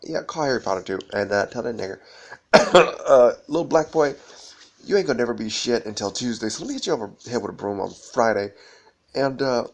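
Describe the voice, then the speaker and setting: A man's voice: medium pitch, lively intonation, brisk. A man rambling through a disjointed, profane monologue to camera, often breaking into laughter.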